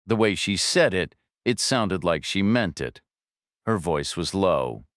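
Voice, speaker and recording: A man narrating a thriller audiobook in measured, steady storytelling, recorded on a studio microphone. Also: sits low, no echo. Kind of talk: scripted narration.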